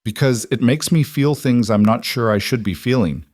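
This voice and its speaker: A man voicing an earnest, quick-minded young frontier woman in a storybook reading. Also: medium pitch, a little mellow, no echo, clean studio sound, natural voice. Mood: tearful.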